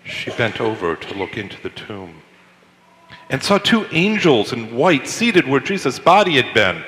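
A man narrating a dramatic group scripture reading, with expressive, emphatic delivery in a reverberant hall. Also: mid-range voice, measured pace. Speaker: scripture reader.

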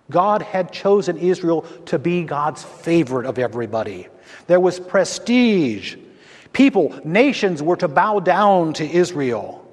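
A man preaching a sermon as a Lutheran pastor, slow and emphatic, speaking to his congregation in a church. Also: on the high side. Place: church sanctuary. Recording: long church reverb.

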